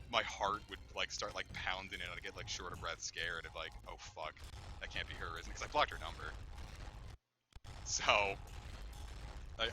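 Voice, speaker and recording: A man's voice: on the low side, bright, forceful tone. A man casually commenting while streaming a game, candid and rambling, with lots of fillers and swearing. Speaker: let's play streamer.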